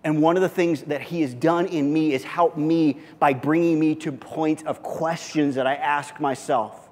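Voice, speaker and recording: A man's voice: normal speed, long reverb tail. A pastor preaching a sermon, telling the story with animation and often repeating his words. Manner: animated storytelling, repeats words, pitch climbs when excited. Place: church sanctuary.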